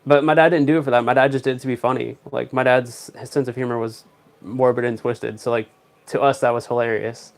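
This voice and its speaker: A man's voice: medium pitch, fairly even intonation, a little fast, creaky. A young man, chatting on a casual livestream, rambling through stories with dry, joking asides. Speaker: live streamer.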